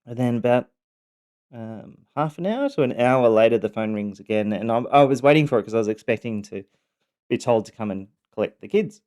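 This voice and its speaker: A man telling his personal story, speaking haltingly with many pauses and restarts. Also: medium pitch, a little mellow.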